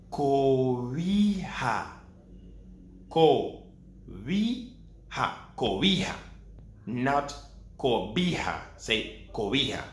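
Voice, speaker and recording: A man from Latin America teaching pronunciation, repeating syllables and words slowly for practice. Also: medium pitch, a bit bright. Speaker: Spanish teacher. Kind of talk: pronunciation lesson. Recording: echoey room with faint ambient noise.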